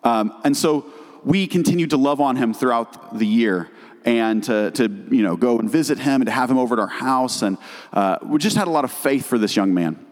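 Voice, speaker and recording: A man's voice: medium pitch, animated, normal speed. Earnest man telling a testimony in a hall. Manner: earnest storytelling, frequent restarts. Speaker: missionary speaker. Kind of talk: church testimony talk.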